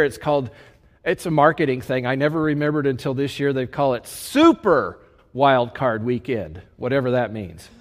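Lively man preaching in an echoey hall. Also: fairly high pitch. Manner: animated, conversational preaching with folksy asides. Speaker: pastor. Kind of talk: sermon.

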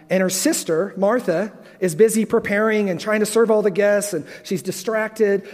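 A man preaching a sermon earnestly, asking the congregation rhetorical questions and pausing for effect. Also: high voice, darkish tone. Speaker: pastor. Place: large auditorium. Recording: long hall reverb.

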